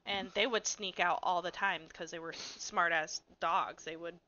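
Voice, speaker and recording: Blunt, animated woman storyteller. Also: lowish voice, measured pace, dull audio, slight background noise. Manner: blunt, swears freely. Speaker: podcast co-host. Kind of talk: casual storytelling chat.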